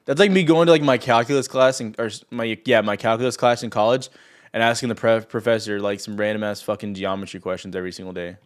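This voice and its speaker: A man's voice: lowish voice, steady tone, quick pace. A young man hosting a trading livestream, talking casually and ranting at viewers in chat with sarcasm and profanity. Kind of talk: casual live stream chat.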